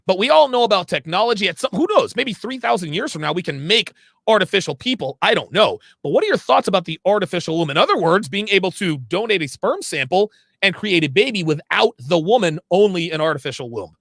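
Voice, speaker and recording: A man's voice: sits high, very animated, fast talker, vocal fry, fairly bright tone, dry recording, clean studio sound. A man hosting a livestream, reading viewer messages aloud and answering them in a blunt, emphatic way, sometimes stopping to fix his own words. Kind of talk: casual livestream talk.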